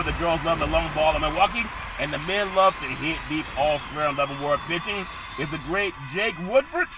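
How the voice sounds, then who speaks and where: A man hosting a comic sports podcast, doing mock play-by-play that builds to shouted home-run calls, laughing often. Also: a little high. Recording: loud outdoor traffic noise behind.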